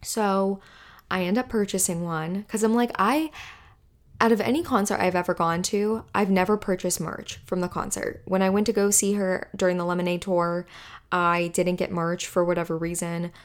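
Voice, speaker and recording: A young woman with a fairly low voice hosts her own podcast. She tells a story in casual monologue, excitable and gushing like an eager fan. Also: moderate pace. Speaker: podcast host.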